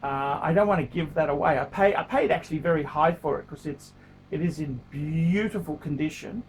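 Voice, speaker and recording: High-voiced man, middle-aged, blunt and sweary, repeats himself, casual vlog. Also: a little fast, a little hiss or hum. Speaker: watch collector vlogger. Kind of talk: casual talking-to-camera vlog.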